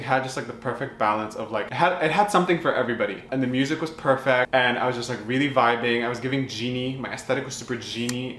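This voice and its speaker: A man's voice: mid-range voice, a bit bright, slight background noise. A young man telling a campy, chatty storytime vlog with lots of expression. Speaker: vlogger. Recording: echoey room with faint ambience.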